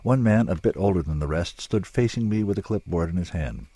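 A man narrating a story in a measured, dramatic way, with drawn-out pauses. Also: sits low, lively intonation, mellow, husky, no echo.

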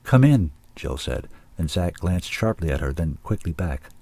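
A man narrating an audiobook in a measured, deliberate way. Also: rumbling low, vocal fry, darkish tone, no echo.

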